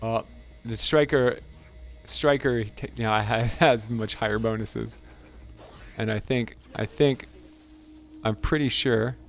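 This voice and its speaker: A man's voice: mid-range voice, fairly even intonation, slow pace, vocal fry, pauses often. A man hosting a gaming channel, giving casual gameplay commentary in an amused, chatty way and laughing often.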